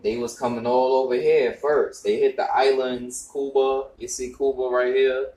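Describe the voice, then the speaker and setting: A young man with a New York accent talking casually to camera, rambling with lots of fillers and rising in pitch and volume when he gets into explaining. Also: flat delivery, normal speed, mellow. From northern United States. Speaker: vlogger.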